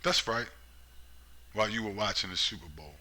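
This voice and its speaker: A man's voice: lowish voice, fairly quick, pushed and bright, low-quality recording. A man giving a profane, sarcastic vlog rant about politics, full of rhetorical questions. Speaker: political commentator. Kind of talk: ranting vlog commentary.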